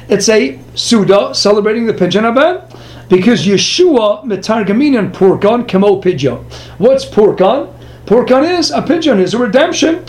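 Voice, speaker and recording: A man teaching a Talmud lesson, firing off rhetorical questions and answering them himself. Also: high-pitched. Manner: animated, rhetorical questions, quick asides. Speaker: Torah teacher. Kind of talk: Talmud lecture.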